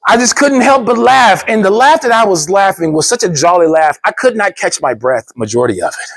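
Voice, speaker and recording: A man telling a funny personal story in an expressive, theatrical way, then signing off his channel. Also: high-pitched, a little fast. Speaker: storyteller, YouTuber. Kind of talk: animated storytelling speech.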